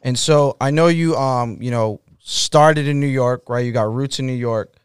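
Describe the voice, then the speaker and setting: A man hosting a podcast, introducing his guest in a relaxed, conversational way. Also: medium pitch, moderate pace, clean tone, no room sound, clean studio sound. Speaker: podcast host. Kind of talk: casual podcast interview. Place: Boston.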